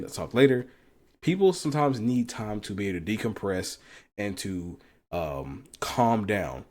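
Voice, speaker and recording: A man's voice: medium pitch, darkish tone. A man hosting a casual reaction commentary, talking bluntly with profanity and frequent laughs. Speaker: commentary channel host.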